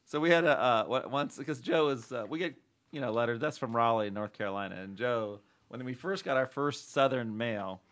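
A man's voice: mid-range voice, moderate pace, a bit bright. A man hosting a casual podcast, joking and laughing often with his co-hosts. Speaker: podcast host. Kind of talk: casual chat.

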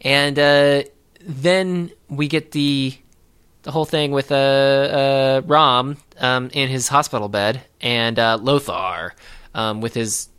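A man's voice: mid-range voice, fairly even intonation, slow pace, a bit bright, clear, resonant tone. A man co-hosting a casual podcast, recapping a film in a rambling, hesitant way with lots of fillers and dry sarcasm. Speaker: podcast co-host.

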